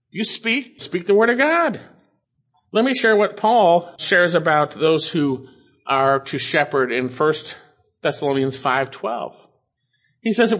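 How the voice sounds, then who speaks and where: Male preacher, slightly higher pitch, reading scripture and explaining it with emphatic rises. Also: fairly bright tone. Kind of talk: expository sermon.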